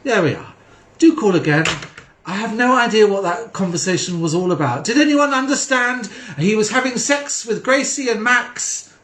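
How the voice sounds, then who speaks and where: A man hosting a crude late-night call-in show from home, deadpan and mocking. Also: high-pitched, moderate pace. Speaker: host. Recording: echoey room.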